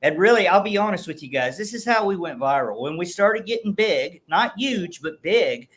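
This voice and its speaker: A man's voice: high-pitched, animated, moderate pace, a bit bright, low-quality recording. A man who trains and breeds dogs, telling a long story in a podcast interview with many restarts. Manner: rambling, with frequent restarts. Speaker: guest dog trainer and breeder. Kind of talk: casual storytelling.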